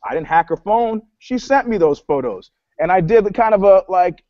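Male storyteller, high voice, rambling with restarts, dull lo-fi recording. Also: animated, normal speed, few pauses, no echo. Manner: rambling storyteller, many restarts, acts out quotes. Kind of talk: casual chat. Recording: dull, dry lo-fi sound.

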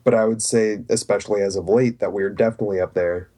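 A man's voice: lowish voice, steady tone, fast, dark tone. A man with a Southern US accent co-hosting a casual podcast, rambling and hedging as he talks. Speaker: podcast co-host.

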